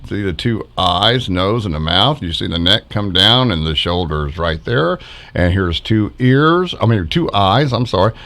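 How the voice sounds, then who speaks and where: A middle-aged man with a fairly low voice narrates his backyard footage in an easy, casual vlog manner. His pitch swings widely from low mumbles to high exclamations, and he chuckles often as he points things out. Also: fairly bright tone. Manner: chuckling, pointing out faces in orbs. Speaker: backyard ufologist vlogger.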